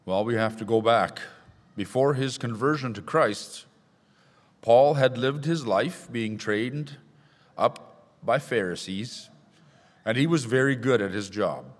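A man's voice: mid-range voice, slow. A man preaching a sermon in a church, reading scripture aloud with rising emphasis. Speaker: pastor. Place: church sanctuary. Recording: long hall reverb.

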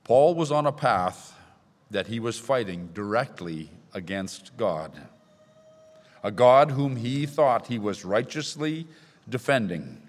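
A man's voice: medium pitch, very animated, slow. Male pastor preaching from the pulpit, emphatic scripture reading, long church reverb. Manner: reads scripture aloud with rising emphasis. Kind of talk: sermon. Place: church sanctuary.

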